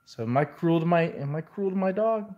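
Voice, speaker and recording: A man's voice: on the high side, animated, brisk, a little mellow, highs cut off. A man venting in a casual vlog, telling a rambling story in an exasperated way. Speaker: vlogger.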